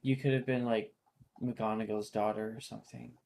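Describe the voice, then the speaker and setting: A woman's voice: a bass voice, steady tone, normal speed, vocal fry, warm tone. A woman running a tabletop role-playing game as game master, casual and teasing with her players. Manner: casual, teasing, laughs between lines.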